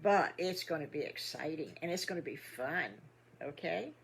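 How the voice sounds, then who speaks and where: Older woman, storyteller, husky, low voice, folksy, rambling. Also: animated, moderate pace. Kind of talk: improvised children's storytelling.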